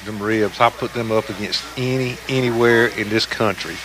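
Jovial panelist, teasing. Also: male voice, lowish voice, normal speed, noisy background. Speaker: sports show panelist. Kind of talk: casual sports chat.

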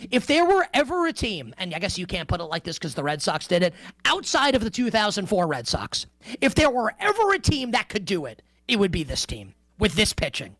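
Animated male sports radio host. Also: sits high, fairly quick, no room sound. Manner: emphatic, conversational, playful asides. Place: radio studio.

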